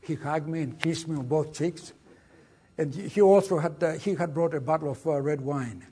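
An older man with a Greek accent recounts his wartime escape in a lecture hall. His husky voice sits a little high, and he tells the story with drama and energy, acting out the lines of the people he quotes. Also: moderate pace, warm tone. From Greece. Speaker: guest speaker.

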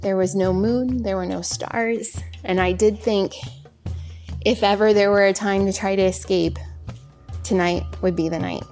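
A woman's voice: mid-range voice, steady tone, a little slow, a little mellow. A woman, a former aid worker, telling her own story in vivid first person and mostly in the present tense. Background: faint music.

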